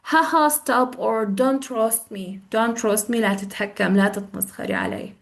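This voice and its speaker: A woman's voice: medium pitch, fast talker, vocal fry. A young woman teaches English on a video call, acting out example phrases in different tones and switching between English and as she explains them. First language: Arabic. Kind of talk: online language lesson.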